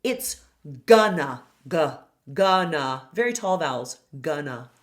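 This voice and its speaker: Woman voice teacher, slow and deliberate, low-ish pitch, over-enunciating pronunciation drills. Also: animated. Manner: demonstrates sounds, over-enunciates words.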